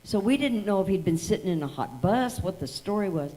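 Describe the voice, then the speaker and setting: A woman's voice: medium pitch, lively intonation, fairly quick, mellow, low-quality recording. A woman telling a tribute story to an audience at an event, acting out the dialogue as she goes. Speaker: tribute speaker.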